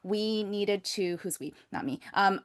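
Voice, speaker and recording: A woman's voice: medium pitch, measured pace. An American woman hosting a podcast, listening closely with frequent short affirmations before sharing her own thoughts in casual conversation. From United States. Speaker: podcast host.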